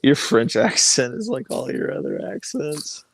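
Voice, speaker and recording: A man's voice: a little high, very animated, measured pace, gravelly, husky, no room sound. A man hosting a casual livestream from his home garage, joking and laughing through banter while watching a football game. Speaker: livestream host.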